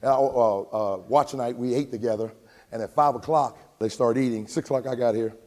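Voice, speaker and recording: A man pastor preaching a sermon to his congregation, telling humorous stories and shouting for emphasis. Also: mid-range voice, fairly even intonation, a little fast. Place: church sanctuary with congregation. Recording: long church reverb.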